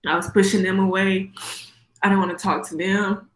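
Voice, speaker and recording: Soft-spoken young woman in an echoey room. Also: mid-range voice, steady tone, moderate pace. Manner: casual, hesitant storytelling full of "like" and "um". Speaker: church testimony speaker. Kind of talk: personal testimony. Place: church.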